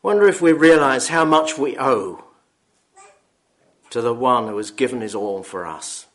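A man's voice: mid-range voice, fairly bright tone. Solemn man reading scripture. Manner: slow, solemn reading with throat-clearing. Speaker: preacher.

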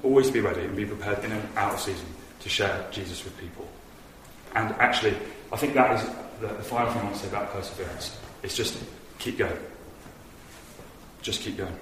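A man's voice: fairly low pitch, fast, a bit bright. A man giving an earnest, conversational sermon in a church hall, telling stories with animation. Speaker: preacher. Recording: echoey hall from far off with noise.

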